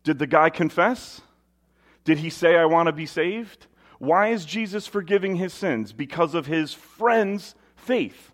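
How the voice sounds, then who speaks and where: A man's voice: fairly high pitch, lively intonation, unhurried, fairly bright tone. A man preaching a sermon, reading scripture aloud and asking rhetorical questions in a conversational way.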